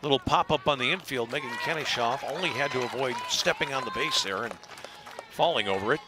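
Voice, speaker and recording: Man calling a softball game. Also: mid-range voice, crowd noise, background noise. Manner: measured commentary that rises to excited shouting on big plays. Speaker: play-by-play announcer. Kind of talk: live sports commentary.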